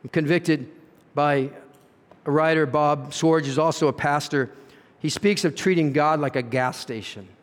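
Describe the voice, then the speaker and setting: This pastor's voice leans high, and he preaches at a measured pace. His sermon in the church sanctuary is earnest, built on rhetorical questions and shifting emphasis, captured with noticeable hall reverb.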